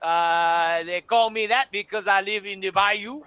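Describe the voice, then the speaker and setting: A man voicing a jovial bayou cook and bar owner who greets people warmly and drops French words. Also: sits high, unhurried, smooth, no echo. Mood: genial. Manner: hearty, hospitable, sprinkles French words. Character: jovial middle-aged male bayou cook, French-tinged.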